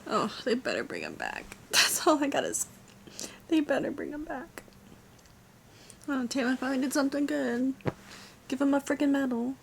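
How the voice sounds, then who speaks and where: A young woman vlogging her reactions to a fantasy series, excitable and often dropping to a whisper. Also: sits high, normal speed, gravelly, long pauses. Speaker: book vlogger. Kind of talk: casual reading reactions. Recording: faint background noise.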